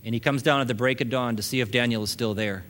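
A man's voice: mid-range voice, fast, fairly bright tone. A male pastor preaching a sermon, building emphasis with casual asides to the congregation.

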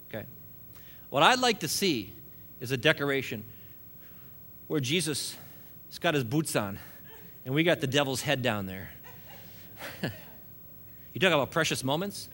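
A man's voice: medium pitch, expressive, moderate pace, long pauses, sharp tone, a little hiss or hum. A man preaching a sermon, joking and laughing between points and building emphasis as he goes.

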